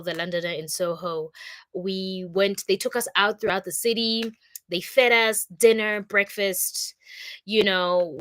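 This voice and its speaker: A woman's voice: medium pitch, a bit bright, no room sound. A young woman from Congo chatting casually and upbeat on a livestream, with plenty of fillers. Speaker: content creator.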